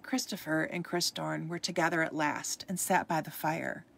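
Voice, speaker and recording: Gravelly, low-voiced woman reading a story. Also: normal speed, slight background noise. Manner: expressive read-aloud, occasional stumbles. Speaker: storybook reader. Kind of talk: reading a ghost story aloud.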